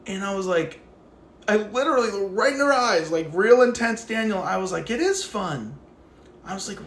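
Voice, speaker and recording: A man's voice: high-pitched, normal speed, vocal fry, echoey room, slight background noise. A man ranting casually on a phone livestream while out walking his dog, acting out the people in his stories and swearing freely. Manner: animated storyteller, acts out quotes, swears freely. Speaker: livestream host.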